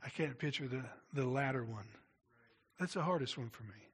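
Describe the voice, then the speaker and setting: A man's voice: medium pitch, lively intonation, normal speed, breathy edge. A middle-aged man, a pastor, preaching a sermon in a conversational way with asides to the congregation.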